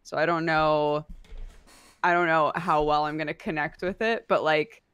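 A woman's voice: deep voice, steady tone, moderate pace, a bit bright, clear, resonant tone, dry recording, highs cut off. A woman co-hosting a podcast, chatting casually with many fillers and laughing asides. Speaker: podcast co-host. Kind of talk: casual chat.

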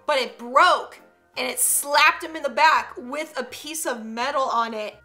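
A young woman with a high, bright, sharp voice chats away as a vlog host, reacting to clips with sassy asides. Faint music plays behind her. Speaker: YouTuber host. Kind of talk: casual reaction commentary.

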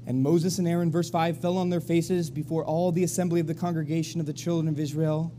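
A man preaching to his church with a high voice that is also very dark and mellow. He tells the story with energy and acts out the crowd's voices. A faint hum sits under the live-stream sound. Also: fairly even intonation, fast talker. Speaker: pastor. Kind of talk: sermon. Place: church sanctuary.

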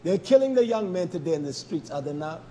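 A male preacher giving a sermon, swinging between quiet asides and shouting, with repeated rhetorical questions to the congregation. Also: sits high, sing-song, fast talker, slight background noise.

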